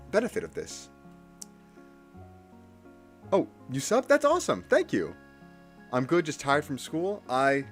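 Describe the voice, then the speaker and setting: A man chatting casually on a live stream while practicing Japanese kana, self-deprecating and nervously energetic. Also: mid-range voice. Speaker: livestreamer studying Japanese kana.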